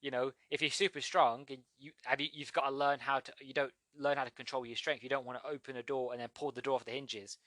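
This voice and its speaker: Podcast host, male, casual rambling comic review, mid-pitched, dry close recording. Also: little pitch movement, fast talker, hardly any pauses, fairly bright tone, dry recording. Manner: rambling, many restarts and "you know".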